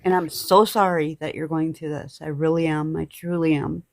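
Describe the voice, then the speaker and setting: A woman's voice: deep voice, fairly even intonation, normal speed, gravelly, slight background noise. A woman on a livestream, sympathetic to her friend and indignant about others. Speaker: livestream guest. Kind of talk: casual chat.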